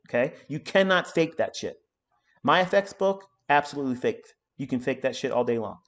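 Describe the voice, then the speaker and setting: A man's voice: medium pitch, expressive, brisk. A middle-aged man giving live trading commentary on a stream, ranting hard and swearing often as he talks. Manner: profane, ranting, emphatic. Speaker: trading mentor.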